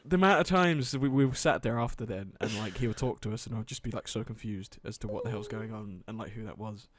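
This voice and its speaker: A British man co-hosting a casual gaming podcast, telling a story in a rambling way with fillers, restarts and frequent laughter. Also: a little fast. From Britain. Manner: laughs often, jumps high when quoting. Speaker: podcast co-host. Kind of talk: casual chat.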